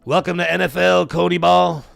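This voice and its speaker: A man's voice: high-pitched, little pitch movement, moderate pace, creaky, a bit bright, no echo, soft background music, voice pushed up, heavily acted. A man doing an impression of a boastful older male politician, rambling with repeated superlatives.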